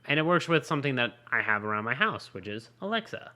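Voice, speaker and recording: A man co-hosting a casual tech podcast, rambling and leaning on "like" as he thinks out loud. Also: mid-range voice, sing-song, fast talker. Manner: rambling, leans on "like" as a filler. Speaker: podcast co-host. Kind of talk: casual chat about tech gadgets.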